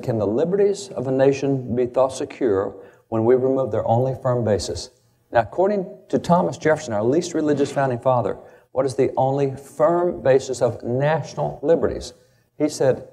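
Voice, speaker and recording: A man's voice: medium pitch, mellow. A man from the United States giving an emphatic conference speech, lecturing and stressing key words. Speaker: conference speaker. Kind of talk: speech on history and faith.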